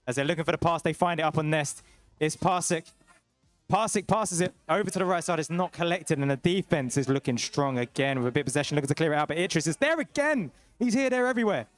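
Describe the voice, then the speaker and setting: A young man co-commentating a live esports match with steady, analytical play-by-play. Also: a little high, brisk, faint music behind.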